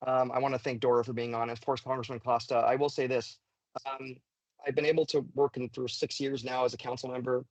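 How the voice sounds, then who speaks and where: A man's voice: medium pitch, flat delivery, fast, no echo, low-quality recording. A male council member on a panel speaking in a direct, appreciative way. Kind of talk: panel discussion.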